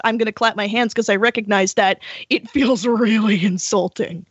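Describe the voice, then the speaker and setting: A woman's voice: medium pitch, measured pace, no echo. Profane ranting woman podcast co-host. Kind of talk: casual podcast chat. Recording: dull lo-fi dry audio.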